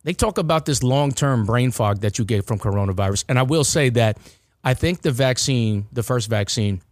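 A man's voice: mid-range voice, animated, moderate pace, dry recording, clean studio sound. A man hosting a casual podcast chat, rambling with restarts and repeated words. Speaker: podcast host.

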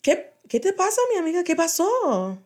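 A woman putting on a squeaky, eager friend. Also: very animated. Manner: eager, fussing, rapid questions. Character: squeaky excited friend checking in.

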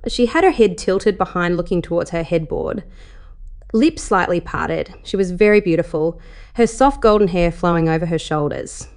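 A woman narrating a first-person erotic story in a soft, intimate delivery with breathless rises. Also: lowish voice, animated, normal speed.

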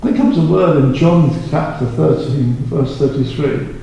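A man preaching a sermon, telling Bible stories in an animated way and acting out the disciples in quoted voices. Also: on the high side, a little slow, gravelly. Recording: echoey hall recorded from far off.

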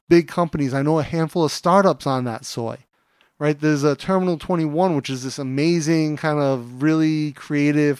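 Guy co-hosting a podcast, fairly high voice, talks loose and chatty, dry close mic. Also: a little mellow, smooth, no room sound. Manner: chatty storyteller, many fillers. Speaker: podcast co-host. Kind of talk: casual podcast chat.

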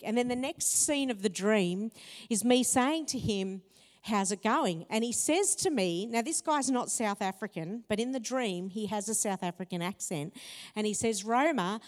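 A woman preaching a sermon, telling personal stories in a lively, expressive way that climbs in pitch when excited. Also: measured pace. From Italian heritage. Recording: long hall reverb.

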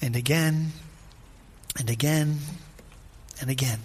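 A man's voice: medium pitch, takes it slowly, slight background noise. A man preaching a conversational sermon, repeating phrases for emphasis and putting questions straight to his listeners. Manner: informal, asks listeners questions directly.

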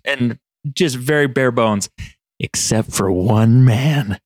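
A man from Montana tells a story on a podcast in relaxed, chatty talk. He laughs easily and breaks into little impressions. His voice is mid-pitched and sounds close and dry. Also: no echo. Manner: laughing, animated storyteller doing quick impressions. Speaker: podcast co-host. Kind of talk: casual storytelling chat.

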